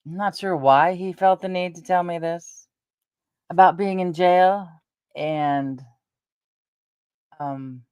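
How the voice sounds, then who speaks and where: A woman's voice: fairly low pitch, slow, long pauses, a little mellow, smooth, no room sound. Chatty middle-aged woman telling rambling stories. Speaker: vlogger. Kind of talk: casual storytelling to viewers.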